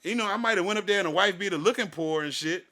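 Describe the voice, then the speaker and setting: A middle-aged man, co-hosting a podcast and telling a profane story in animated, casual chat. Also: sits high, fast. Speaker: podcast co-host.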